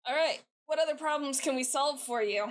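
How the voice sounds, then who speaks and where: A woman playing a tabletop game, quick with wry quips. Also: high-pitched. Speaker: player.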